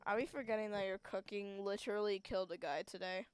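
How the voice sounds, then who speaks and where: A woman streamer playing a game on a close mic, reading the text aloud and reacting with loud exclamations. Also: medium pitch, fast talker, clean tone, no room sound, rough recording. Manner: animated, exclaims, laughs and wheezes at the game. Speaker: gaming streamer.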